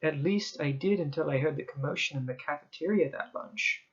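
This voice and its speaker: A man's voice: fairly high pitch, a little fast. Man reading a horror story, lo-fi. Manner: dramatic first-person narration, hushed at tense moments. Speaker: story reader. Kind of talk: horror story read aloud.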